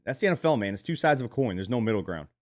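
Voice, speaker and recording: A male podcast host ribbing his co-hosts in loose sports talk. His pitch swings widely as he jokes, and he sits at an ordinary middle pitch for a man. He keeps pulling the chat back on track. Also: rapid-fire. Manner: teasing, lively, steers the talk. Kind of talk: casual sports podcast banter.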